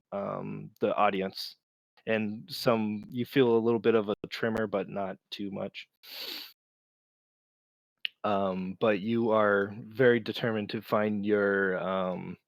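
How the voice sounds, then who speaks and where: A man narrating as game master of a tabletop game, relaxed and unhurried, with many fillers. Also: fairly low pitch, clear, resonant tone, dry recording, studio quality.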